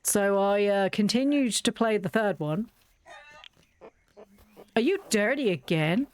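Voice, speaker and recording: A young woman hosts a let's play, giving casual, rambling, self-deprecating commentary as she plays a video game. Her voice is mid-range, animated and slow, with faint game music in the background.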